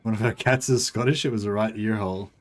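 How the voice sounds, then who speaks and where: A man's voice: lowish voice, steady tone, quick pace. A man streaming a strategy game, rambling casually, chatting with viewers and swearing now and then. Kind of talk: casual livestream commentary.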